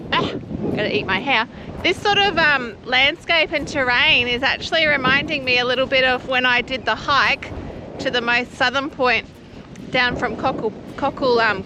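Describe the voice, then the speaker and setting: A woman chatting casually while filming a travel vlog outdoors on a windy trail. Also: high voice. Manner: chatty, upbeat, laughs often. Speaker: travel vlogger.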